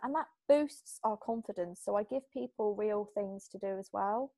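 A woman from Britain, a hypnotherapist guest in an interview, talking in a chatty, lively way and acting out little exchanges. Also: medium pitch, normal speed, hardly any pauses, dry recording. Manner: chatty, animated, acts out little quoted exchanges. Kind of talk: casual interview talk.

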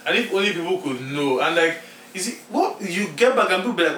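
A young Nigerian man with a Nigerian accent, co-hosting a podcast in animated casual chat, often restarting his sentences. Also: high-pitched, fast talker. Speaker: podcast co-host. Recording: echoey room, a little far from the mic, faint noise.

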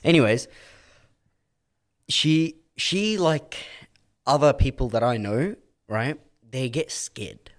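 A man's voice: mid-range voice, takes it slowly, pauses often. A man co-hosting a casual podcast, telling a story and acting out the voices in it. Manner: animated storyteller, acts out quotes loudly. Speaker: podcast co-host.

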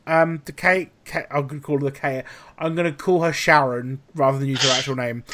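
A young man hosting a podcast, telling a story in casual chat, with lively swearing and acted-out quotes. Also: a little high, brisk. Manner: animated, swearing, acts out quotes. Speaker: podcast host.

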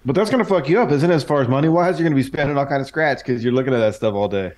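Fast-talking, joking male co-host. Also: mid-range voice, darkish tone. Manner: joking, interjects with quick asides. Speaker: podcast co-host. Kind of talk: casual chat.

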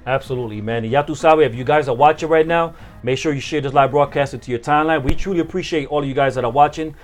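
A man's voice: fairly high pitch, fast, faint music behind. A man hosting a live-streamed interview, talking with hype and mixing in Spanish phrases. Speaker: host.

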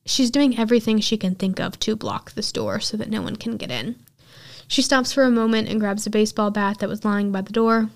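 A woman's voice: medium pitch, animated, a little fast. A woman podcast host casually retelling a film's plot in chatty storytelling full of filler words.

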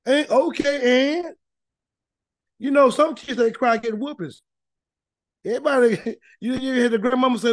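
High-voiced man teaching scripture folksily. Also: moderate pace, pauses often, dry recording. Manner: folksy, emphatic preaching with many repeated words. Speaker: Bible teacher. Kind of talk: informal Bible study teaching.

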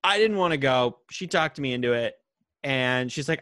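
A man's voice: a little high, expressive, moderate pace, bright, forceful tone, no echo, studio quality. A man in his thirties co-hosting a casual movie chat, laughing often and retelling scenes with animation. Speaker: podcast co-host.

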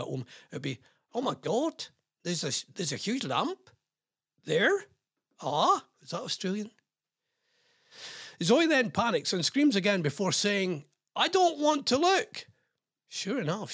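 A man's voice: high-pitched, a bit bright, breathy edge, no echo, studio quality. A man with a British accent hosting a radio show, chatting casually, reading listener messages and odd news stories with rambling, jokey asides. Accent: British English. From England.

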